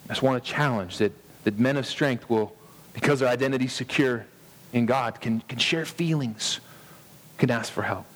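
Man, thirties, pastor, earnest sermon, emphatic pauses, restarts. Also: mid-range voice, long reverb tail.

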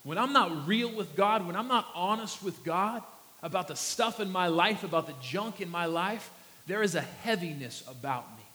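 A man preaching a sermon and telling a family story in an animated way, acting out his small son's voice. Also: high-pitched, normal speed. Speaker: pastor. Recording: long reverb of a large hall.

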